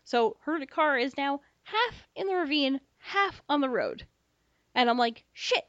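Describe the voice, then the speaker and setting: Animated young woman telling a story. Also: sits high, a little slow, dry recording. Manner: animated, swears freely, acts out dialogue. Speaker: podcast co-host. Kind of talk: casual storytelling chat. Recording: slightly dull dry podcast mic.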